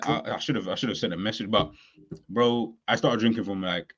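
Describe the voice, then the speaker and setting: Fast, ranting man on lo-fi audio. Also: on the low side, husky. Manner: animated, ranting, slangy. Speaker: podcast guest. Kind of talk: casual football chat.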